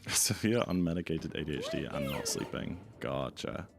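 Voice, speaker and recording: A man's voice: low-pitched, wildly swooping pitch, moderate pace, creaky. A man streaming a game, chatting casually and rambling while he reads and answers his chat. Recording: game music playing behind.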